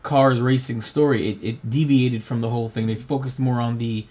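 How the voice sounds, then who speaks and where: A man's voice: medium pitch, fairly even intonation, a little mellow. Playful male podcast co-host. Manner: playful, quick storytelling. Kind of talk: casual podcast chat.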